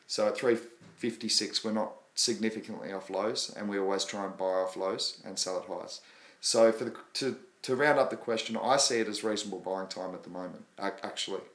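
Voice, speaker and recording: A man with an Australian accent hosting a casual crypto livestream, talking quickly and rambling. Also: lowish voice, steady tone, roomy sound. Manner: quick, rambling, apologetic about his pace. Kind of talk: casual live chat.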